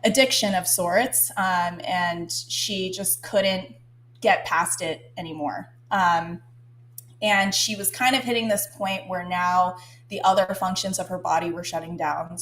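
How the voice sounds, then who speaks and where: A woman's voice: on the low side, a bit bright, a little hiss or hum. A young woman telling a story in a casual podcast chat, rambling with many ums and now and then breaking into giggles. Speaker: guest co-host.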